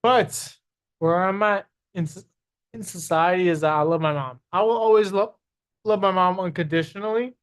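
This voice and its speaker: Podcast guest, male executive, emphatic and repetitive, hiccuping; clear, resonant, high voice. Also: normal speed. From Guyanese roots. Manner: confident, emphatic, repeats phrases. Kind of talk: casual interview talk.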